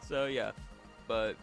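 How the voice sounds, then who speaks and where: Young male streamer, bright forceful voice, slightly congested, rambling with laughs; faint music underneath. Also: mid-range voice, gravelly. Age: young adult. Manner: rambling, laughing, many restarts. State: slightly stuffy nose. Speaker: vtuber streamer. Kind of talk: casual chat with stream chat.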